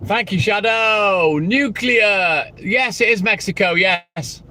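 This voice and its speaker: A man's voice: high voice, slow, hardly any pauses, low-quality recording. A man hosting a casual live stream, chatting with viewers by name and telling corny jokes. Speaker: livestream host. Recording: loud outdoor traffic noise.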